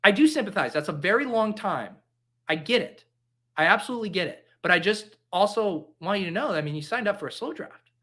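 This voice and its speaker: Joking, bright-voiced young man. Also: high-pitched, lively intonation, fairly quick. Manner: jokey, rambling, caffeinated. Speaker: livestream host. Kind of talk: casual livestream chat.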